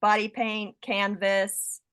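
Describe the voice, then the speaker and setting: A woman's voice: mid-range voice, flat delivery, slow, a bit bright, clear, resonant tone, no room sound. A woman author appearing as a guest, talking in an easygoing, chatty way. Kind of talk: casual chat.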